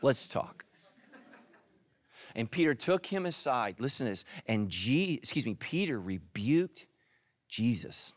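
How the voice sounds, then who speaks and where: Animated preaching man, dry sound. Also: mid-range voice, measured pace, no echo. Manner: animated, addresses listeners directly. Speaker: pastor. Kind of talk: sermon.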